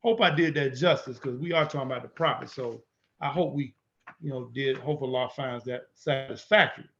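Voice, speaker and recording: A man's voice: medium pitch, brisk, vocal fry, a bit bright, lo-fi sound, a little hiss or hum. A man teaching in an emphatic way, repeating his points and asking rhetorical questions. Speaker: instructor. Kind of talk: teaching lecture.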